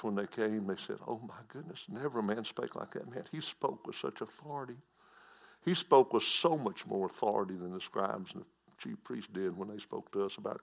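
A man preaches a sermon in a plain, folksy way, repeating his key phrases. His voice is low and gravelly. He drops to near-whispers and then climbs to loud, emphatic declarations. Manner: folksy preaching with repetition and swings from hushed to loud.

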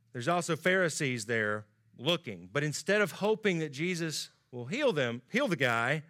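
A man's voice: on the high side, fairly bright tone. A man preaching a sermon in a conversational way, acting out the quoted lines with rising emphasis.

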